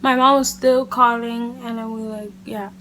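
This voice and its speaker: A woman vlogger telling a casual storytime to camera, animated and chatty, leaning on "like" and "literally". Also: on the high side, normal speed, a little hiss or hum. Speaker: beauty vlogger.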